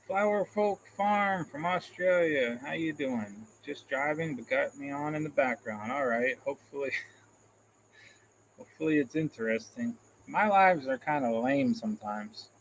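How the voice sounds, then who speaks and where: A man's voice: medium pitch, a little slow, slight background noise, rough recording. A man hosting a casual live stream, reading out comments in a rambling, self-deprecating way and chuckling often, into a phone camera. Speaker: livestream host.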